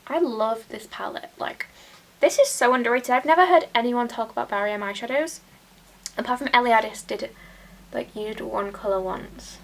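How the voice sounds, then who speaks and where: A young British woman chatting casually while doing her makeup, often dropping into soft whispers. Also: on the high side, moderate pace, slight background noise. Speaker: beauty vlogger. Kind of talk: casual get-ready-with-me chat.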